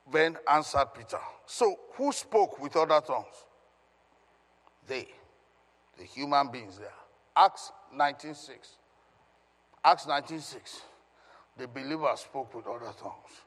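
A man's voice: medium pitch, animated, unhurried, long pauses, fairly bright tone, husky. A male pastor giving an emphatic Bible teaching, questioning his congregation as he reads scripture. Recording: long reverb of a hall.

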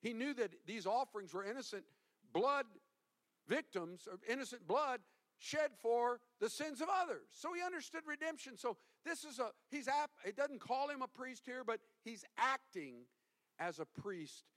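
A male pastor preaching a sermon, animated and emphatic, swinging from hushed to loud. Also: extremely high pitch, moderate pace.

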